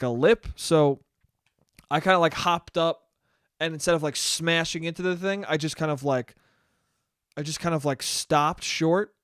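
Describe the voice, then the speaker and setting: A man's voice: fairly high pitch, clear, resonant tone, dry recording, studio quality. A young man hosting a solo podcast, telling a rambling, profane, self-mocking story. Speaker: podcast host. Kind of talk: casual solo podcast monologue.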